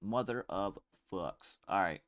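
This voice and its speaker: A man's voice: low voice, expressive, slow pace, dry recording, highs cut off. A man hosting a casual podcast, chatting loosely in slang while sorting out clips on screen. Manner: laid-back slang-heavy chatter, fumbling with screens. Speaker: podcast host.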